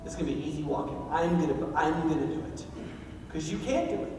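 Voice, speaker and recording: A man's voice: fairly high pitch, quick pace, darkish tone, slight background noise. A man preaching a sermon as pastor of a church, in a casual, joking, conversational way. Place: church sanctuary. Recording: echoey hall from far off.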